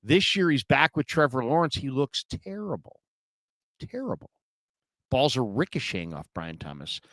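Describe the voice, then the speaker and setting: Guy hosting a live sports show solo, rambly and chatty, mid pitch, dry sound. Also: big pitch swings, normal speed, a bit bright, dry recording. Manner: rambling, chatty, with fillers and restarts. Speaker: podcast host. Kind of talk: solo casual livestream chat.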